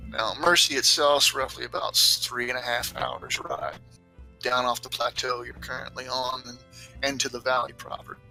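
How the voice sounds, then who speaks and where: Game master, man, very bright tone, easygoing rambling narration. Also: medium pitch, normal speed, vocal fry, soft background music, rough recording. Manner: relaxed rambling narration with fillers.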